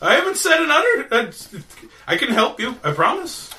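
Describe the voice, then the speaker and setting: A man's voice: very high-pitched, huge pitch swings, moderate pace, pushed and bright, recorded from a distance, pitched above the performer's own voice, exaggerated voice. A man voicing a nervous male wizard who stammers and pleads. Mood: pleading. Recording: echoey room from afar.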